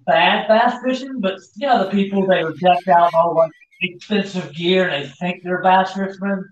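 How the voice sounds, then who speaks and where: Man, wry quick remarks, fairly high voice, echoey room, muffled sound. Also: crowd noise. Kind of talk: casual chat.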